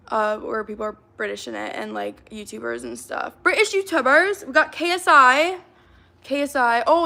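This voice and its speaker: A young woman talks straight to her livestream chat, hyper and rambling, with filler likes everywhere. Her voice sits a little high and carries a gravelly fry. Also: bright, forceful tone. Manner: chatty, hyper, reacts to comments, fillers of like.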